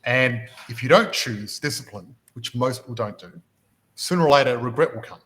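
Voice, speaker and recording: Telling stories on his motivational podcast, this host and property mentor speaks with energy at normal speed in a mid-range voice, frequently restarting sentences with repeated words. The recording sounds rough.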